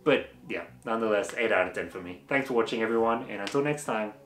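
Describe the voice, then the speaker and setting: A man's voice: lowish voice, fast talker, fairly bright tone. A man giving a casual spoken movie review, chatty and rambling, with laughs between his points. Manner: chatty and rambling, full of fillers. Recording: echoey room with faint music.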